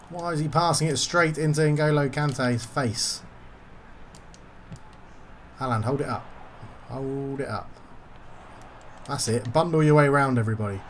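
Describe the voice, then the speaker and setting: A man's voice: mid-range voice, fairly bright tone, a little hiss or hum. Frustrated man commentating a football game. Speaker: gaming YouTuber.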